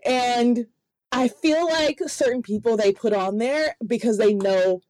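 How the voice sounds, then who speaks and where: A woman's voice: fairly high pitch, unhurried, darkish tone, dry recording. A woman host chatting casually and affirming her guest. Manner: affirming, conversational. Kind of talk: casual chat.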